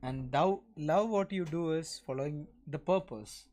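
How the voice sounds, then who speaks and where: A man hosting a live trading stream, talking briskly and asking his co-host questions. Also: fairly high pitch, a little mellow. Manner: brisk, asks questions, repeats himself. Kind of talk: casual chat.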